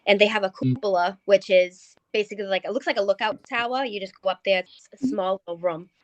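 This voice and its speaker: A woman's voice: mid-range voice, fast, dry recording, highs cut off. Hesitant woman telling a ghost story. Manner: hesitant, many ums and restarts. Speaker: paranormal investigator guest. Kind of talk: recounting a ghost story in conversation.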